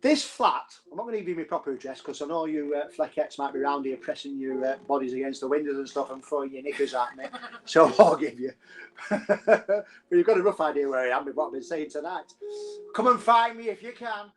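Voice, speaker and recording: A man's voice: fairly high pitch, brisk. A man with a northern English accent hosting a live show, telling local ghost stories in a chatty, joking way with frequent laughs. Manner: chatty, jokey, laughs often. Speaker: host. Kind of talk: live-streamed ghost storytelling.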